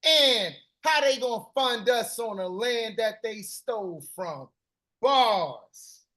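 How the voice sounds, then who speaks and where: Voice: medium pitch, unhurried, sharp tone. A live-stream host performing spoken-word poetry in a rhythmic, chanted delivery with repeated refrains.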